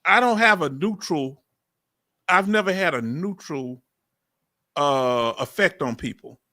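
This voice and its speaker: A man's voice: fairly high pitch, animated, a little slow, bright, forceful tone, dry recording, clean studio sound. A man with a Southern accent hosting a live chat Q&A, asking direct, probing questions in casual slang. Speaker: channel host.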